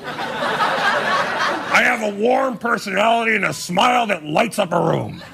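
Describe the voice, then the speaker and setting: A man voicing a gruff, hot-tempered old male politician with a gravelly, cranky, threatening way of talking. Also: high-pitched, a little slow, pitched above the performer's own voice, full character voice. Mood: grumpy. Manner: cranky, threatening, deadpan self-mocking. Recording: noisy studio with loud audience laughter.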